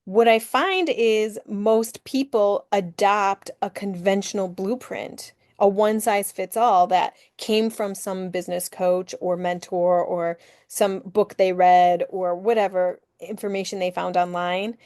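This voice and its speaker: A woman's voice: mid-range voice, fairly even intonation, unhurried, hardly any pauses, darkish tone, no room sound. Woman, business coach guest, earnest, filler-heavy, dry close mic. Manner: earnest, explains with many fillers. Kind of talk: explaining her work in an interview.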